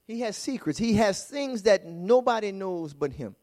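Male preacher, high and lively voice, shifts between hushed asides and shouted praise. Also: moderate pace. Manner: fervent call-and-response preaching, swings from quiet to shouting. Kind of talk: sermon. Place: church sanctuary.

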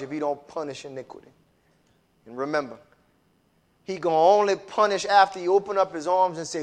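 A man preaches a sermon in a high voice, from the pulpit as pastor. He swings from booming, shouted lines down to hushed, low ones. He calls out to his congregation as he goes.

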